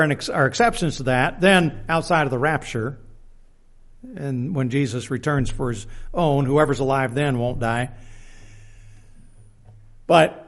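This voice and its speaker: A man preaching a Bible lesson, reading verses aloud and adding plain-spoken personal asides, often restarting his words. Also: fairly high pitch. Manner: reads scripture aloud, plain-spoken, self-deprecating asides. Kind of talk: Bible teaching sermon.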